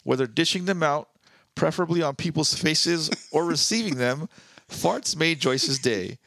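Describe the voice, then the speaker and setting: Podcast guy with a gravelly voice, reads from his notes, dead dry sound. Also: a little high, animated, a bit bright, no echo. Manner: reads aloud from notes, bursts of quick asides. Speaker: podcast co-host. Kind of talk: casual comedy podcast chat. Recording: dry close-miked podcast audio.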